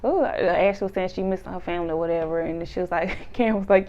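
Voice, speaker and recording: A woman casually recapping a reality show episode, laughing often and acting out the cast's lines in animated voices. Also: mid-range voice, normal speed, pauses often, muffled recording.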